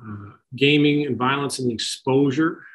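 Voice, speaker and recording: A middle-aged man talks informally to parents about kids and technology, chatty and full of fillers and restarts. His voice is medium in pitch at a moderate pace, and the recording is rough.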